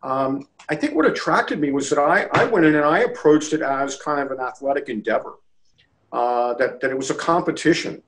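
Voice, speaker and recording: Guy from baltimore telling a story, kinda high voice, does the quotes. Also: normal speed, rough recording. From Baltimore area. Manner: animated storyteller, acts out quotes. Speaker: interview guest, lacrosse official. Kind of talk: storytelling in a casual interview.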